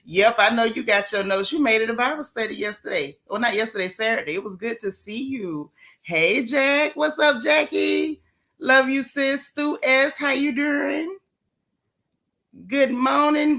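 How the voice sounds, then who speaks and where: A woman's voice: fairly high pitch, a bit bright. Chatty woman hosting a gossip stream. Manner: chatty, greets viewers by name, playful slang. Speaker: livestream gossip host. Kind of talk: casual chat.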